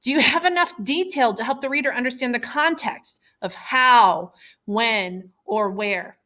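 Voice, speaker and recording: A woman teacher giving a recorded lesson, explaining clearly and patiently. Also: on the high side, expressive, a little slow, sharp tone.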